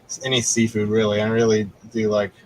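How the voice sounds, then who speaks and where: A man's voice: lowish voice, monotone, a little fast, a little mellow, slight background noise, low-quality recording. A man telling a rambling story in casual chat, swearing constantly and laughing a lot.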